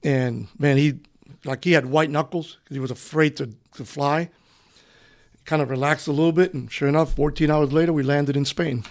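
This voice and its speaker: A middle-aged man from Cuba, a retired police officer, telling his story in an interview in a relaxed, rambling way. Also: a little high, normal speed. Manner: relaxed, rambling, often says "you know". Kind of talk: conversational storytelling.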